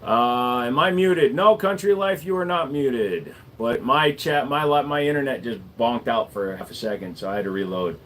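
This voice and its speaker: A man's voice: mid-range voice, expressive, fairly bright tone, a little hiss or hum. A man, a gunsmith, answering viewers in a casual livestream chat, laid-back and wisecracking, dragging out the ends of his words. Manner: laid-back, wisecracking, drawn-out word endings.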